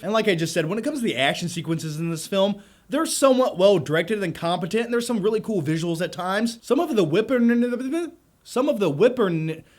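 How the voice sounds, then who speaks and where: Lively, high-voiced American man reviewing movies. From United States. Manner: jokey, self-mocking, tangents. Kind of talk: casual comedic movie review.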